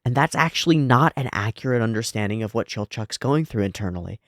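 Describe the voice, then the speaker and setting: A man with a fairly low voice talks through an anime episode in loose, reflective commentary. He thinks aloud and leans on "like" as he works out his points. The recording is dry and close, with no room sound. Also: fast, no room sound. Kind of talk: casual analytical commentary.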